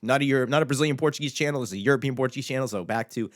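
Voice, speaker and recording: A man teaching a language lesson in a loose, conversational way, with filler words, who slowly repeats words to show how they are pronounced. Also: mid-range voice. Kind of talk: casual video lesson.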